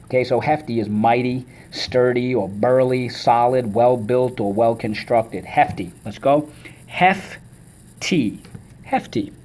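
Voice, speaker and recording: A man teaching a vocabulary lesson, energetic and enthusiastic, leading call-and-response drills and chanting words syllable by syllable. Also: mid-range voice, a little slow, few pauses.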